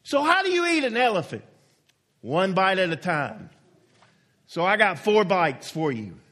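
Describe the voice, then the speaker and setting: Man, pastor preaching, high voice, unhurried delivery, folksy, emphatic drawn-out stresses. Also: very animated, sharp tone. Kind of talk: sermon.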